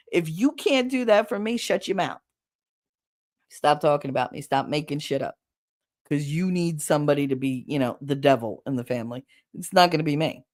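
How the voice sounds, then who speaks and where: Low, gravelly-voiced woman livestreamer. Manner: blunt, profane, quick to laugh. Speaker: livestream host. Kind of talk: casual livestream chat.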